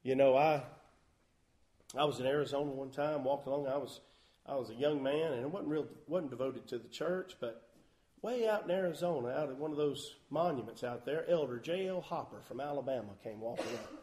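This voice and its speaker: A man preaching a sermon as a pastor, folksy and emphatic with loud bursts. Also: mid-range voice, fairly quick. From Southern US.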